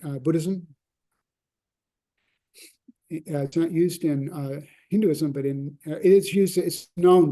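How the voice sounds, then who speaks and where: A man lecturing from slides, halting often with fillers and restarts. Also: a little high, mellow.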